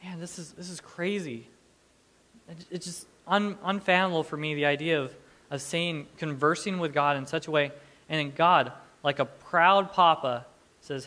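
A man's voice: fairly high pitch, fairly even intonation, moderate pace, sharp tone. A man in his thirties preaching a sermon in a conversational, humorous way, often restarting his sentences. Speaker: pastor.

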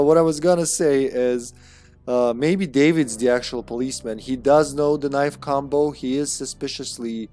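A man's voice: mid-range voice, darkish tone. Jokey, sarcastic male streamer. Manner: jokey, sarcastic, laughs often. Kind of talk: casual gameplay commentary.

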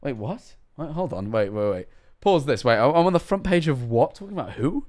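A young British man reacting on a live stream, excitable and quick to swear. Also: on the high side.

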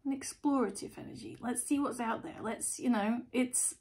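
A woman giving a casual, chatty tarot reading to camera as host, blunt and animated. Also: on the high side, moderate pace. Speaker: tarot reader, channel host.

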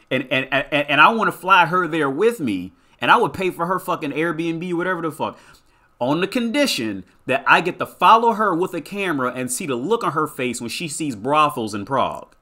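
A man's voice: a little high, big pitch swings, normal speed, bright, forceful tone. A man giving blunt, profane reaction commentary in a rant, often repeating himself. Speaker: commentary vlogger.

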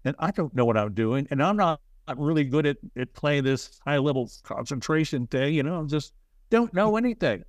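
A man as an interview guest, telling stories in a rambling, halting way with self-deprecating asides. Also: fairly high pitch, expressive, no room sound. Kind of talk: casual storytelling.

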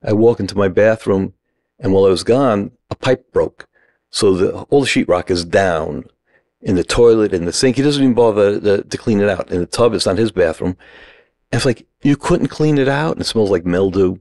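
A middle-aged man with a low, gravelly voice tells a story in short, punchy sentences. He slips into the other people's voices as he acts out their lines. The sound is dry and close. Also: brisk, a little mellow, no echo. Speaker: acting teacher, podcast guest. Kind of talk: animated storytelling.

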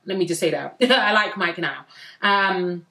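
A young woman reviewing a reality dating show in a chatty, slangy way, with sudden excited bursts. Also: fairly low pitch, measured pace, vocal fry. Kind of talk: casual recap vlog.

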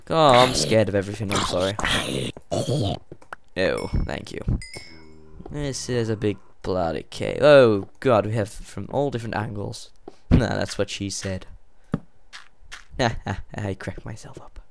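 A man giving casual gameplay commentary, excitable and jumpy, rambling and yelping as he plays. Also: lowish voice, takes it slowly, creaky, pauses often, slight background noise. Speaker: let's play gamer.

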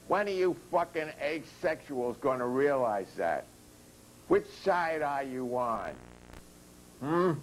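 A man voicing a hot-headed male radical who bursts out loudly while reading a story aloud. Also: medium pitch, expressive, slow, slight background noise, poor audio. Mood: combative. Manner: loud, indignant outbursts.

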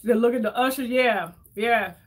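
A woman chatting casually with her viewers while doing her makeup, telling stories in an animated way and reading their comments aloud. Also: on the high side, normal speed. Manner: chatty, animated storyteller, addresses viewers as y'all. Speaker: beauty vlogger reading live chat.

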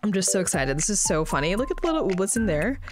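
A woman's voice: mid-range voice, quick pace. A young woman streaming a video game, chatting casually, laughing often and reading dialogue aloud. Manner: giggly, excitable, often laughing. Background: game music.

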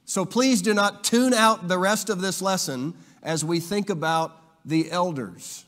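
A man's voice: sits high, a little slow, a bit bright. A man preaching a sermon in a church, earnest and restarting phrases with repeated words. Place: church auditorium. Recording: long reverb of a church hall.

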